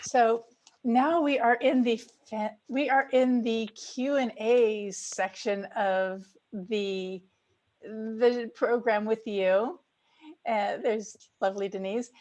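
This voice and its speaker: Woman, host, slow speech, higher voice, laughs easily, video call. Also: fairly even intonation. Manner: warm, laughs easily, slightly flustered. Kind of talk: moderating a webinar Q&A.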